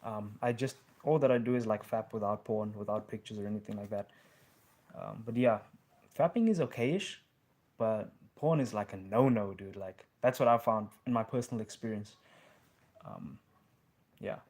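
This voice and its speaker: A man's voice: fairly low pitch, normal speed, a little mellow. A young man hosting a casual live question-and-answer stream, laid-back, with plenty of ums and bro. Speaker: livestream host answering questions.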